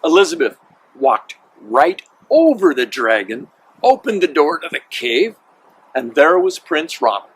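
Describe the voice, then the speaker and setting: A man reading a children's picture book aloud in a lively, animated storytelling manner, on a noisy recording. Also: a little high, unhurried, breathy edge.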